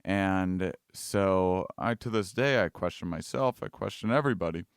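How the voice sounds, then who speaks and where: A man with a very low, smooth voice talks casually as a podcast guest. He starts over often and laughs at himself as he thinks aloud. The sound is close and dry. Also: dry recording. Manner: halting, repeats words, laughs at himself. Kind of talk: casual conversation.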